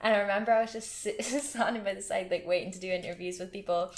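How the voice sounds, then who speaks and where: A woman's voice: medium pitch, fairly even intonation, fast. A young woman, co-hosting a podcast and chatting candidly about her own nerves, with casual swearing. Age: young adult. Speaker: podcast co-host. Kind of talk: casual chat.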